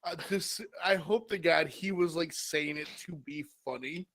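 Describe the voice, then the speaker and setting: A man's voice: a little high, a little slow, fairly bright tone. A man co-hosting a casual talk show, joking and laid-back, with casual swearing. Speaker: co-host.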